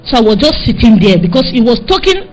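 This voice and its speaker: A woman's voice: fairly high pitch, very animated, fast talker, a little mellow, faint music behind, rough recording. A woman telling an emotional personal testimony, repeating herself as she tells the story. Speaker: testimony giver.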